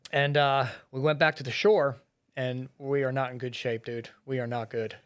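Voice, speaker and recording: A man's voice: mid-range voice, flat delivery, normal speed, clean tone. Profane middle-aged man telling a raw story. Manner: blunt and profane, heavy swearing and filler words. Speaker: podcast guest, firefighter and police officer. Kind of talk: raw storytelling in a podcast interview.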